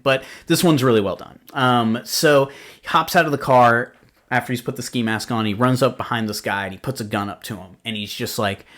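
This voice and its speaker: Man, podcast host, casual film chat, rambling, cusses a lot, mid-pitched voice. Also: fairly bright tone. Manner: rambling, swears freely, many fillers.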